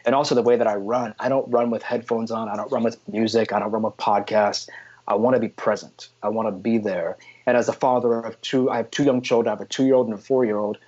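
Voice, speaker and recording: A man's voice: fairly low pitch, fast talker, muffled recording. A man in his forties, a guest on a casual podcast interview, telling stories with lots of energy and salty slang. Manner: energetic storytelling with frequent "freaking" and "man". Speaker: guest photographer.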